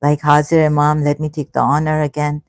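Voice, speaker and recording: A woman in her fifties hosting a casual livestream, halting and hesitant, full of restarts and effusive thanks. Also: sits low, monotone, dry recording. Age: 50s. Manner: emotional, effusively grateful. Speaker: livestream host. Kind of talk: casual livestream chat reading comments.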